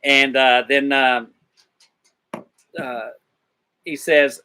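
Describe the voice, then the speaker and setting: A man's voice: medium pitch, steady tone, unhurried, long pauses, pushed and bright. A man rambling through a casual Bible discussion, retelling scripture in slangy paraphrase. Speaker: discussion participant.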